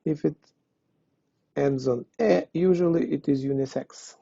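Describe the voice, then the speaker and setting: A man's voice: a little high, a little slow, gravelly, mellow, husky, dry recording. A man teaching a language lesson online, explaining step by step and translating each example. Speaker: Spanish teacher. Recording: dull lo-fi dry recording.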